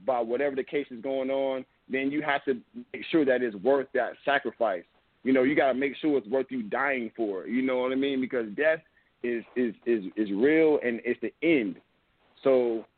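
A young man of middle pitch talks through a tinny, phone-like line with a dry sound. He rambles earnestly in a casual podcast-host way, circling back with "you know what I mean" as he makes his point. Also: dry recording. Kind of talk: casual opinion talk.

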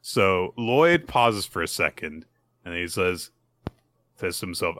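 Animated man recapping comics. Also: slow pace. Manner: animated, acts out characters' lines in a high voice; restarts and fillers. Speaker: podcast co-host. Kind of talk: casual chat recapping manga chapters.

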